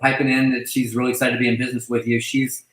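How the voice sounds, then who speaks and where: A man's voice: medium pitch, monotone. Effusive man in a roomy room. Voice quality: effusive, halting, full of restarts and fillers. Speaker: host welcoming a new agent. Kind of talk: casual online video chat.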